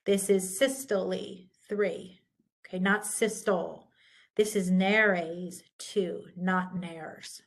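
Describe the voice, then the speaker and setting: Speaking at a medium pitch with fairly even intonation and a creaky quality, a woman teacher lectures on pronunciation rules in a recording. She is patient and unhurried, comparing correct pronunciations with incorrect ones.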